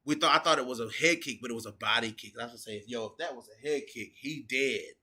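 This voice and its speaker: Bright-voiced man ranting about fights. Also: mid-range voice, fast, slightly rough. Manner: animated, swearing, keeps saying bro. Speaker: MMA reaction streamer. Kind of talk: casual reaction commentary.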